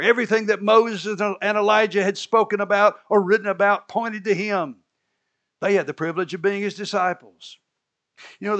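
Animated preacher acting out Bible stories. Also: male voice, high-pitched. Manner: animated storytelling, acting out biblical characters; chuckles at his own asides. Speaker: pastor. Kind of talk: sermon.

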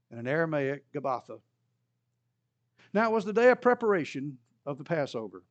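Lively conversational male Bible teacher. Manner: conversational, acts out quoted voices with rising pitch. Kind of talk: Bible study lesson.

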